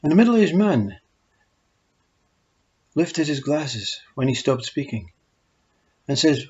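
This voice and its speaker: A man telling short parables in a calm, measured storytelling voice. His voice is husky and breathy. The recording is dull and lo-fi. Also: fairly high pitch. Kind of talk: spoken parables.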